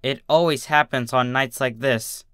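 A man narrating a dark story in first person with a slow, halting delivery. His voice is bright and somewhat high, recorded close in a dry space. The reading sounds tense throughout. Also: fairly even intonation, clean tone, no echo. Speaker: fanfiction reader.

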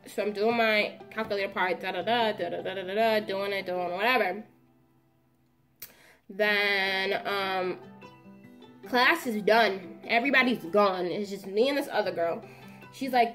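Animated young woman telling a story. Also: fairly high pitch, moderate pace, faint music behind. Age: young adult. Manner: animated, dramatic storytelling with slangy asides. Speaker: vlogger. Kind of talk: casual storytime.

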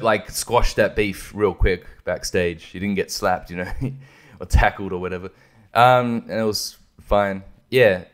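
A man's voice: mid-range voice, smooth. A young man hosting a podcast, rambling in casual chat, swearing a lot and laughing often. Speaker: podcast host.

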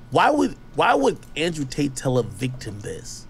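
A man's voice: fairly high pitch, wildly swooping pitch, measured pace, vocal fry, a little hiss or hum. A man reading news reports aloud and breaking off into casual, skeptical, slangy commentary. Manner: chatty, skeptical, slangy asides. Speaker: online commentator.

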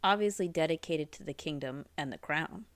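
A woman chatting casually on a live stream in an animated, teasing way. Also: low-pitched, fairly quick. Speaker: guest streamer.

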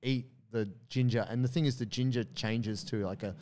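A man's voice: mid-range voice, steady tone, normal speed, mellow, slight background noise. A man, telling a story in casual podcast chat with many fillers and quoted asides. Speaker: podcast co-host.

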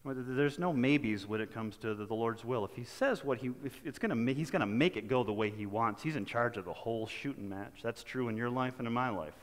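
Conversational pastor preaching in a reverberant church. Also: male voice, mid-range voice, brisk, few pauses. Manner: conversational preaching with folksy asides and restarts. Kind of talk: sermon. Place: church sanctuary.

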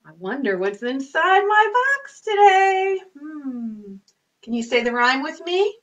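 Bubbly high-voiced librarian woman. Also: slow pace, lo-fi sound. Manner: bubbly, sing-song and playfully animated. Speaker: children's librarian. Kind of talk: singing rhymes and movement songs for children. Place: home.

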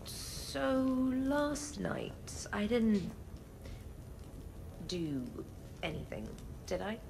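A woman's voice: mid-range voice, very animated, drawn-out words, creaky, darkish tone, a little hiss or hum, heavily acted, low-quality recording. An actress playing a sheepish young female ship officer with a dry, self-deprecating manner, for a video game.

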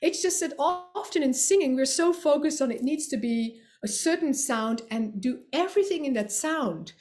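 A woman's voice: sits high, a little mellow. A woman who is a singer and voice teacher, giving a friendly, explanatory and lightly playful recorded presentation lesson.

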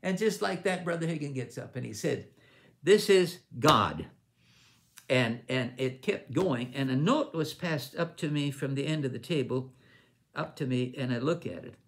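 A man's voice: medium pitch, gravelly. An older man, a ministry leader, telling a long personal story at a missions conference in a rambling, informal way, restarting sentences as he goes. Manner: rambling with restarts, acts out others' lines in raised voice.

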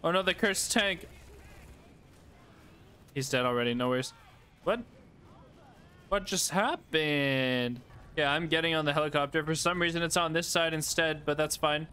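Excitable man commentating a game. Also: on the high side, brisk, pauses often, clear, resonant tone. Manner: excitable, laughs and yelps at the game. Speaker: gaming YouTuber. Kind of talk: casual gameplay commentary.

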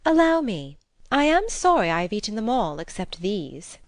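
A woman's voice: medium pitch, very animated, normal speed, no echo, lightly acted. A woman reading a haughty young Bulgarian lady. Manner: haughty, scornful. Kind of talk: audiobook drama reading.

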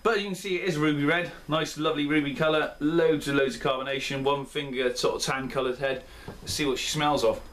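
A man's voice: a little high, steady tone, fairly quick, hardly any pauses, fairly bright tone. A man hosting his own beer review video, talking in a chatty, rambling and self-deprecating way. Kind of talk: casual chat. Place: indoor room at home.

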